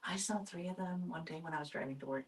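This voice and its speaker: A young woman with Mexican roots co-hosting a podcast in casual chat, acting out little stories with lively voices. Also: fairly low pitch, fast talker, far from the mic. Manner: animated, acts out phone calls in different voices. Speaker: podcast co-host.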